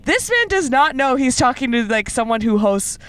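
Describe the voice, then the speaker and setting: A young woman co-hosts a podcast, telling animated stories in casual chat packed with fillers. Her voice is high-pitched and clean, moving at a moderate pace.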